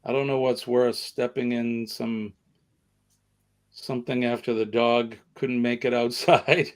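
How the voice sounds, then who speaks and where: A man's voice: medium pitch, level tone, measured pace. A middle-aged man with a Boston accent, hosting a casual live chat in a rambling, self-deprecating way. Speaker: livestream host.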